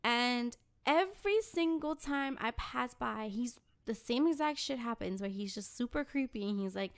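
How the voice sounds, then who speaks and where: A young woman co-hosting a podcast, telling a story in a blunt, animated, profane way. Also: a little high, normal speed, hardly any pauses. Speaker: podcast co-host. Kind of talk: casual podcast chat.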